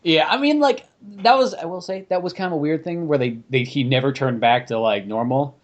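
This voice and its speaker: A man's voice: fairly high pitch, a little fast, muffled recording. A man hosting a podcast in casual chat, rambling and swearing freely as he talks. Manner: animated, profane, rambling. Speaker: podcast host.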